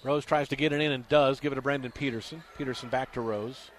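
A man doing fast radio play-by-play for a high school basketball game, getting loud and excited on big shots. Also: slight background noise. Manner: rapid, excitable, rises loudly on big shots.

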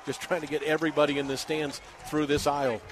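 A middle-aged man calling a high school football game live for radio from a packed outdoor stadium, building to shouts on big plays. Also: flat delivery, fast talker. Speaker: radio play-by-play announcer. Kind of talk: live sports play-by-play commentary.

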